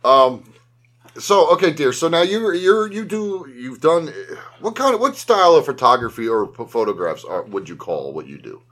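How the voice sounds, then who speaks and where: A man's voice: a little high, huge pitch swings, normal speed, fairly bright tone. A man hosting a casual podcast, rambling and laughing with lots of restarts. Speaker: podcast host. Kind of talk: casual chat.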